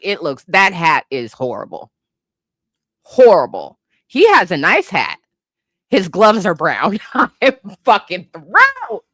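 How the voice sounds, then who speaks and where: A woman with a lowish but bright, forceful voice whose pitch swings widely as she riffs. She delivers comedic pop-culture commentary in an incredulous, profane way, at an unhurried pace. The sound is dry and close. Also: no echo. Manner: animated, incredulous, bursts of laughter, profane asides. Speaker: host.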